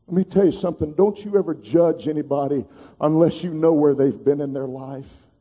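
A middle-aged preacher tells a heartfelt personal story from the pulpit, swinging between hushed moments and loud, fervent exhortation. His voice sits a little high for a man and sounds mellow and dark. A long reverb rings through the large church sanctuary. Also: fairly quick. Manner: emotional, building to loud preaching. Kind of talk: sermon storytelling.

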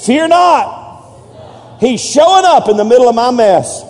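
A man's voice: very high voice, expressive, unhurried, pauses often, a little mellow. A man preaching a sermon, leading the congregation in call-and-response and building to emphatic peaks. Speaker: pastor. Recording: long hall reverb.

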